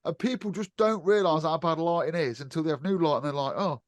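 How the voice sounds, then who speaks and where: A man's voice: a little high, fast, no echo. Outspoken British man, dry close sound. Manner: outspoken, sweary, laughs often. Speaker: electrician podcast co-host. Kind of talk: casual podcast chat.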